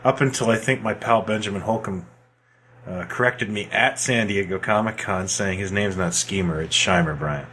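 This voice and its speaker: A middle-aged man co-hosting a podcast, telling animated anecdotes and laughing as he talks. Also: on the low side, normal speed, a little hiss or hum. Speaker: podcast co-host. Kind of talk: casual nostalgic chat.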